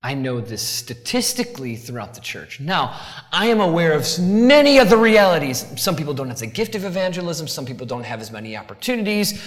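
A man preaching a sermon as pastor, talking in an animated, conversational way with asides. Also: a little high, brisk, big-room sound.

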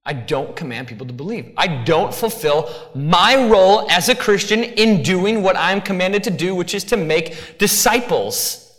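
A man preaching a sermon as pastor, talking in an animated, conversational way with asides. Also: high voice, unhurried, big-room sound.

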